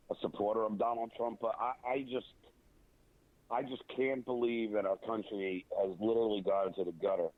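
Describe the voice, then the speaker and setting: A man's voice: on the low side, no echo. An opinionated man on a phone call, stumbling through restarts and fillers as he makes his point. The line is thin and tinny, and the sound is dry and close. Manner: halting, many restarts and fillers. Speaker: guest. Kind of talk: casual interview over a phone line.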